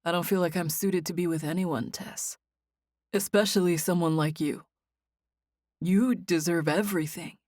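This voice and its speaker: A woman's voice: fairly even intonation, a little mellow, no echo, clean studio sound, close to an everyday voice. A woman doing a subdued, ashamed young man. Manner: low, subdued and halting.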